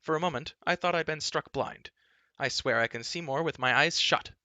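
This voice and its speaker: A man's voice: a little high, normal speed, sharp tone, dry recording, voice pushed up. A man voicing a wry, talkative male bard in a storybook reading.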